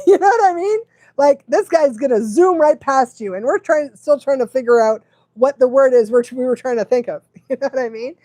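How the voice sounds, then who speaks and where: A woman's voice: high voice, normal speed, warm tone, no room sound. A woman dog trainer chatting casually on a livestream, laughing often and fumbling her words now and then.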